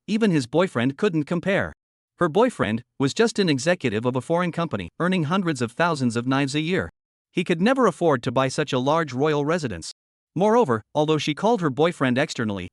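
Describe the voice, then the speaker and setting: A man's voice: fairly high pitch, sing-song, a little fast, dry recording, studio quality. Man narrating a comic recap.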